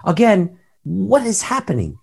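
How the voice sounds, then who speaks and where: A man's voice: high voice, wildly swooping pitch, a little slow, creaky, darkish tone, husky. A man co-hosting a podcast in casual chat, rambling and wry, often repeating himself. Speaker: podcast co-host.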